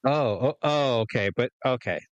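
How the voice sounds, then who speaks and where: A man's voice: medium pitch, moderate pace, no room sound, muffled recording. A man in his forties from California, co-hosting a podcast in a rambling casual chat full of fillers and laughs. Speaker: podcast co-host.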